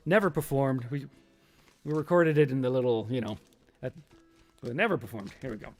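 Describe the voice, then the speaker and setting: A man's voice: medium pitch, fairly quick. A man in his fifties hosting a casual solo stream, rambling and nostalgic, now and then acting out an old sketch in silly voices. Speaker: podcast host.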